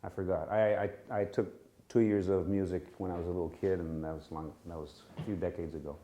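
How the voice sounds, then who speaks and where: A man leading an informal live class in a temple room, with a relaxed, halting manner and frequent self-corrections. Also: low voice. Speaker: music teacher leading a class.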